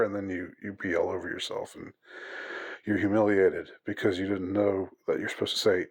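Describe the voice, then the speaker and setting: A man's voice: low-pitched, fairly even intonation, moderate pace, husky. A man giving a rambling, mock-outraged monologue with many fillers and restarts. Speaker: commentator on English usage. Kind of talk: casual monologue.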